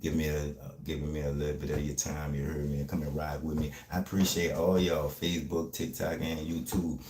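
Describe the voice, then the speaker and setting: A man, talking fast and streetwise in a casual livestream chat, often asking "you heard me". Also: rumbling low, flat delivery, darkish tone, echoey room.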